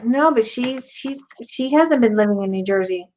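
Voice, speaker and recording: A woman's voice: on the high side, expressive, normal speed, a little mellow, dull audio. A woman hosting a craft tutorial, chatting casually and teasing playfully as she works. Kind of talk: casual demo while crafting.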